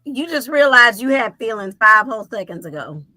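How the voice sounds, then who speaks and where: A woman's voice: fairly high pitch, sing-song, normal speed, sharp tone, dry recording. A woman co-hosting a podcast with her voice strained, throwing sassy one-liners in a casual TV recap chat. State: losing her voice. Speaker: podcast co-host.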